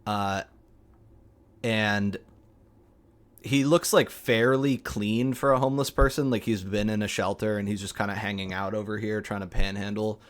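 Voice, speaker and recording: A man running a tabletop game, narrating the scene slowly with many pauses. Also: on the low side, fairly even intonation. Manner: slow, halting, many fillers. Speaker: game master.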